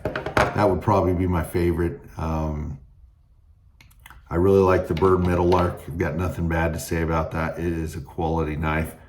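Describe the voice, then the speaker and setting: A man casually reviewing knives, relaxed and rambling with lots of ums and restarts. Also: a bass voice. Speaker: knife reviewer. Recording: noticeable background noise.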